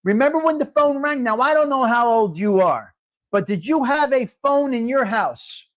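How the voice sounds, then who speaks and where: A man's voice: very high voice, animated, normal speed. A man hosting a live coffee talk stream, blunt and crude, laughing as he talks straight to viewers in the chat.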